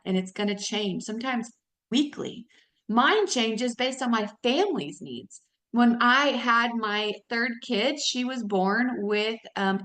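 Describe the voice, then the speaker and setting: A woman in her thirties, a mom of four, giving an energetic motivational training talk to her network marketing team, calling them y'all and jumping up in pitch when excited. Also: echoey room.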